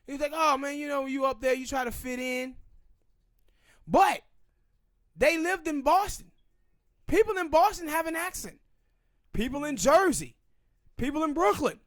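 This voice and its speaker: Southern male podcast host, high-pitched, opinionated, talks with hard emphasis. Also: expressive, fairly bright tone, no echo, clean studio sound. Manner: emphatic, ranting, drawn-out pauses. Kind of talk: opinionated casual commentary.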